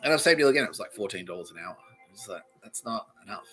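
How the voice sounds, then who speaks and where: A man's voice: on the low side, expressive, very fast, pushed and bright, soft background music, low-quality recording. A man, hosting a podcast and telling a rambling, sweary comedic story while laughing at his own jokes. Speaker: podcast host.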